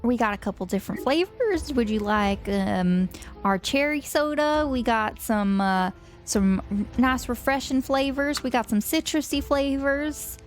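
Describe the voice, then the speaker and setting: A woman's voice: a little high, a little slow, soft background music, pitched above the performer's own voice, natural voice. A woman voicing a friendly, jittery middle-aged diner waitress with a country accent and a hesitant, folksy way of talking. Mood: flustered. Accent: American country. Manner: hesitant, folksy welcome with many fillers.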